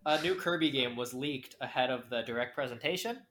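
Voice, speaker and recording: A woman cohosting a casual podcast, playful and quick with reactions. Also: rumbling low, a bit bright. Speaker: podcast co-host. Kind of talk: casual chat.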